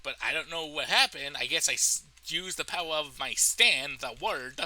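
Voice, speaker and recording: A man telling a story from his life in a casual storytime monologue, animated and profane, laughing at his own tale. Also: on the high side, normal speed, poor audio. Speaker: storytelling vlogger.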